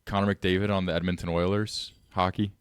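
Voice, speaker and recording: A man co-hosting a podcast, emphatic and excitable as he keeps pressing his point. His voice sits a bit low for a man. The recording is dry and close. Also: brisk, clear, resonant tone, no room sound. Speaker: podcast co-host. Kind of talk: casual chat.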